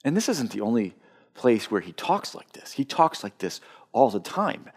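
A male pastor delivers a sermon with real conviction, his pitch swinging widely as he builds and drops. He often restarts phrases, repeating a word before pressing on. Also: very animated, moderate pace, breathy edge. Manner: impassioned, repeats words when starting phrases.

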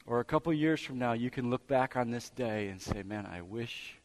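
A man's voice: mid-range voice, a little fast. A man preaching a sermon as pastor, building emphasis through repetition.

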